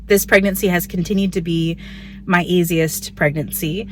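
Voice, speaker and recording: A woman's voice: lowish voice, fairly even intonation, moderate pace, slight background noise. A woman, giving a candid, chatty pregnancy update. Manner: chatty and candid, frequent "like" fillers. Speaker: vlogger. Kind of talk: casual pregnancy update vlog.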